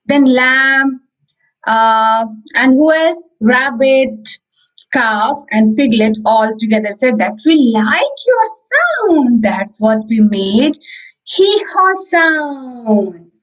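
Over a video call with poor audio, a woman with an Indian English accent teaches preschoolers online. She tells a story slowly, repeating words for the small children, in a high-pitched, very animated voice.

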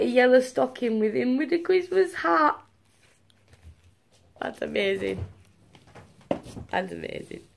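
A woman's voice: high voice, vocal fry. A young woman, unboxing gifts and gushing to her viewers in a casual vlog. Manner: gushing, excitable, talks to viewers. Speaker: vlogger.

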